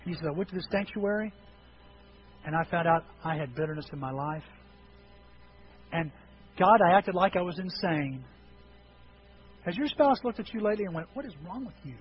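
Male pastor, animated sermon delivery, voice sits a bit high, muffled church recording. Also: moderate pace, long pauses. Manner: animated, acts out quoted voices with sudden high yelps.

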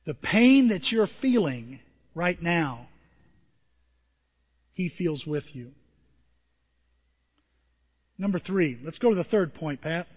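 A man pastor preaching a sermon with emotion, his voice moving from quiet and tender to loud and emphatic. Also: on the high side, very animated, takes it slowly, pauses often, breathy edge, long reverb tail, lo-fi sound. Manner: emotional, swings from soft to emphatic.

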